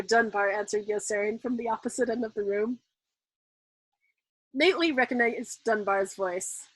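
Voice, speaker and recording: A woman reading a novel aloud at a steady, measured pace as a storyteller. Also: fairly high pitch, slightly rough, dry recording, rough recording.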